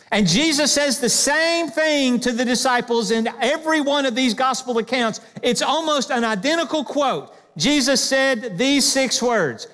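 A man preaching a sermon as pastor, lively, breaking into quoted asides to the congregation. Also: very high-pitched. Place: church sanctuary. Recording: long hall reverb.

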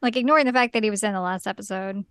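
A woman's voice: mid-range voice, very fast, fairly bright tone, smooth, no room sound, studio quality. A woman co-hosting a casual recap chat, tossing in playful, jokey remarks. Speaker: podcast co-host.

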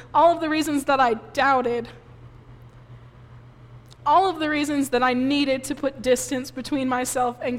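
Woman pastor, tearful sermon testimony, high voice, long hall reverb. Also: fairly bright tone. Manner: emotional personal testimony, tearful at times. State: crying softly.

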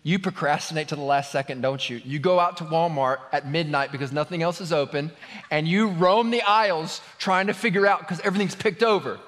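Pastor guy preaching to a crowd, chatty and jokey, kinda high voice, long hall echo. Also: brisk, fairly bright tone. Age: adult, married. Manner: conversational, joking with the congregation. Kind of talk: sermon. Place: large hall with an audience.

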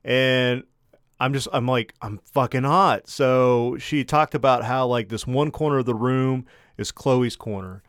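A man's voice: mid-range voice, steady tone, unhurried, clean tone, no room sound, studio quality. A young man co-hosting a podcast, telling a story in casual, profanity-heavy chat. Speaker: podcast co-host.

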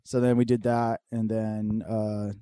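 A young man telling profane, animated stories in casual podcast chat. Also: slow pace, clean tone, no room sound, studio quality. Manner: profane storytelling, mimics his dad in a loud high voice. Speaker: podcast co-host.

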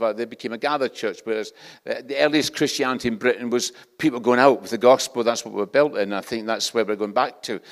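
Older Scottish male preacher, chatty and self-mocking, mid-range voice, long hall reverb. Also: mid-range voice. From Scotland. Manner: conversational, self-deprecating, with frequent restarts. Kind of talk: sermon.

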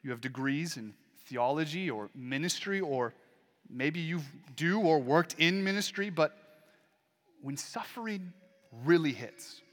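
A male pastor delivers a sermon in a slightly high voice, earnest and measured. He drops to near silence and rises again with dramatic pauses. His words ring out with a long reverb through a large church hall. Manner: earnest preaching with big swings in loudness and dramatic pauses.

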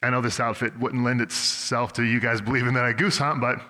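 This young man from Oregon, USA is a pastor preaching in a church sanctuary, recorded with long hall reverb, telling stories conversationally and frequently starting over. His voice is medium in pitch, fairly even in intonation, brisk, and sharp in tone.

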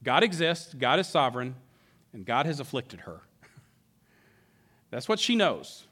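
A man preaching a sermon who acts out the characters' words in an animated way. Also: mid-range voice, takes it slowly, pauses often, slightly rough. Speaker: pastor.

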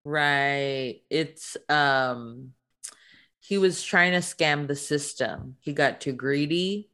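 A woman's voice: low voice, takes it slowly, sharp tone. A woman in casual chat, easygoing and giggly.

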